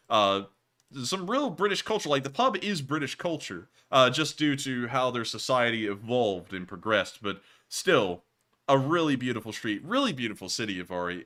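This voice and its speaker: A man's voice: medium pitch, sharp tone. A man hosting, chatting casually and explaining history with lots of fillers. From United States. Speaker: host. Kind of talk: casual commentary over video.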